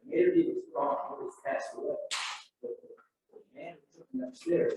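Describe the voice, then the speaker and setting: An older man with a high voice tells a lively story to an audience, acting out voices and sounds as he goes. He is recorded from a distance in a very echoey room with faint background noise. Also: normal speed, gravelly. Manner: animated, acts out quoted voices and sound effects. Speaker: storyteller at an alumni event. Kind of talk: anecdotal storytelling. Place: event room.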